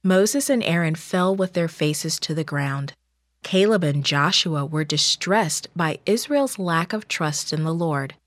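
Woman narrator, slow and measured, lowish voice, dry close sound. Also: animated, no echo. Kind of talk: scripted storybook narration.

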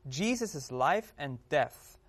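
A man's voice: on the high side, big pitch swings, slow. Man, earnest, quotes scripture, casual Bible discussion, says "right?" a lot. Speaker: panel member.

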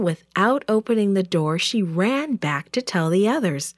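A woman narrating a children's Bible story with an expressive, clear reading. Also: fairly low pitch, a little slow, hardly any pauses, no echo, studio quality.

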